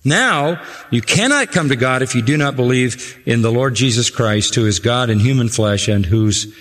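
A man preaching an expository sermon, emphatic and repeating phrases for stress, slowing and speeding as he drives points home. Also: mid-range voice, animated, a bit bright. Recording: hall reverb.

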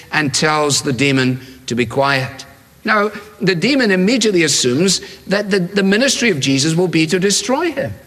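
A man's voice: a little high, fairly bright tone. Man preaching in an echoing hall. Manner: emphatic, repetitive, slows for quoted verses. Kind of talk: sermon. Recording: long hall reverb.

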